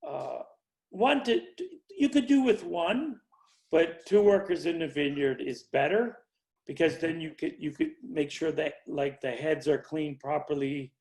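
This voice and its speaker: A middle-aged man, a winery owner, chatting casually on a video call and speaking haltingly with many restarts. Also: fairly high pitch, darkish tone, poor audio.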